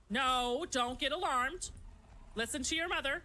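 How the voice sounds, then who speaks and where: A woman live-streaming a game, chatting casually and playfully with her viewers and reacting out loud to the action. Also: high-pitched, unhurried. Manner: chatty and playful, breaks into yelps and laughter. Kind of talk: casual live-stream chat while gaming.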